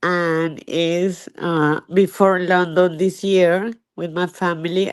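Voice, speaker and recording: A woman in easygoing panel talk who stumbles over and repeats her words. She speaks at a slow, unhurried pace. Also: on the low side, clean tone, no room sound. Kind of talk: casual chat.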